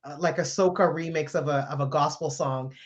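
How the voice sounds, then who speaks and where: A woman guest, a comedian, telling a funny story in conversation with lively laughter. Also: low voice, a little fast. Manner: animated, laughing as she tells the story. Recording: slightly dull lo-fi sound.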